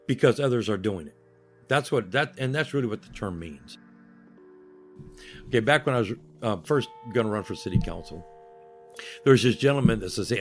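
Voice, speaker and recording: Older male interview guest, lower voice, dry humor, lively storyteller who acts out the people he quotes. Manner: wry humor.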